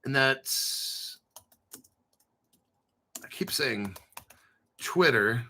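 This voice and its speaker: A man hosting a crypto commentary stream, talking sarcastically with dramatic asides and frequent throat clearing. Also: medium pitch, animated, drawn-out words, sharp tone, poor audio. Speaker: crypto channel host.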